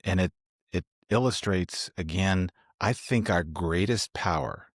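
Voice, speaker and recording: Deep-voiced man, reflective and measured. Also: no echo, clean studio sound. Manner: measured, reflective, with verbal restarts. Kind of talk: casual interview conversation.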